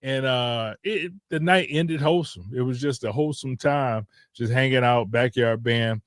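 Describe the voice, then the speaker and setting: A man's voice: medium pitch, normal speed, dry recording, clean studio sound. A man from Detroit, hosting a podcast, telling a road trip story in a loose, rambling way and correcting himself often. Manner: laid-back, rambling, with frequent self-corrections. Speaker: podcast host. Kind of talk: casual storytelling.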